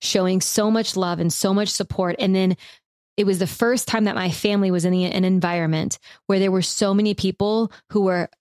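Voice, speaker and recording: A woman in her thirties telling a personal story in a relaxed, rambling way, with lots of fillers as she co-hosts a podcast. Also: medium pitch, a little fast, no echo, studio quality. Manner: reflective, rambling with frequent fillers.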